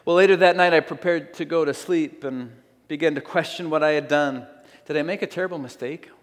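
Man preaching in a reverberant hall. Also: a little high. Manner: earnest, slow, emphatic storytelling. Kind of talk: sermon, reading a story aloud.

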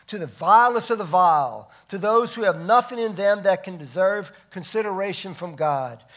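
A man preaching a sermon, stressing key words loudly and dropping to hushed asides. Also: sits high. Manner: emphatic, swinging between loud stresses and hushed asides. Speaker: pastor.

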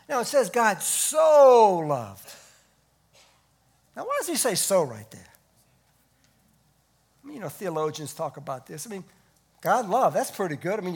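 A man preaching a sermon, stressing key words loudly and dropping to hushed asides. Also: sits high, breathy edge. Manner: emphatic, swinging between loud stresses and hushed asides. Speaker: pastor.

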